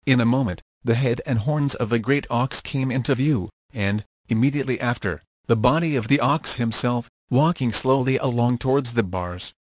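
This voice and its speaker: A man reads an old-fashioned children's story aloud at a steady, measured pace. His voice is mid-pitched and ordinary in tone. The recording is dry and close, with no room sound. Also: no room sound. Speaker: narrator. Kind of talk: audiobook narration of a children's story.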